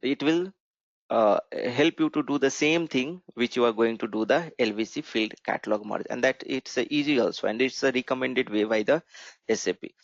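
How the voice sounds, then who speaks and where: A man's voice: medium pitch, normal speed, no room sound. A man teaching a programming class, walking through code on screen and often checking in with "right?". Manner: explanatory, asks "right?" often. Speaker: programming instructor. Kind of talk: screen-share coding tutorial. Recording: dull lo-fi mic.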